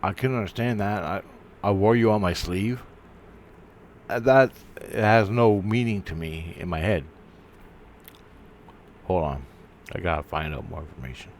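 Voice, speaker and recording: A man's voice: low voice, slight background noise. A man telling a personal spiritual story in a casual monologue, swearing and stopping to restart his sentences. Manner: profane, halting, restarts often. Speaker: vlogger.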